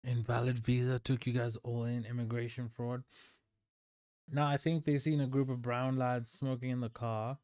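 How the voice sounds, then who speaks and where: A man hosting a livestream, telling a story in a rambling, animated way full of "like" and "dude". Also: medium pitch, moderate pace, clear, resonant tone, dry recording, clean studio sound. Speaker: livestream host.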